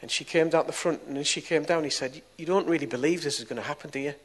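A middle-aged man preaches to a gathering. He tells a personal story, and his voice moves between quiet, confiding passages and sudden loud bursts. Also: on the high side, fast talker. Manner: storytelling, swings from soft to loud. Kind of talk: testimony sermon.

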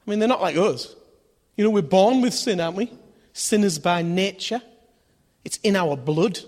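His pitch sits fairly high, yet his tone is darkish as he preaches in a conversational style. He questions his listeners and voices the characters in his stories, all within a long, reverberant hall.

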